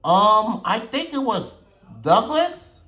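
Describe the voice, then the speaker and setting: A man's voice: high voice, sing-song, slow, bright, forceful tone, roomy sound, voice pushed up, full character voice. A man voicing a worried, kindly male engine in a toy train story.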